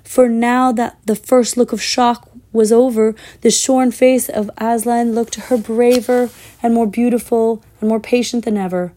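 A woman reading a children's fantasy book aloud in a measured, expressive way, with the odd slip. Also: fairly high pitch. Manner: measured, expressive, with small slips. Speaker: storyteller.

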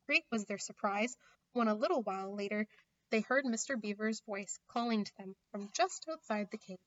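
A woman reading a children's storybook aloud in a gentle, measured narration. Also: mid-range voice. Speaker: reader. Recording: slightly muffled recording.

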